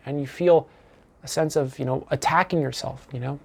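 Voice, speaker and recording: A man teaching as a self-improvement coach in a calm, deliberate monologue. He talks earnestly, with casual "you know" fillers, and repeats his key phrases. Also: a little high, vocal fry, slightly rough.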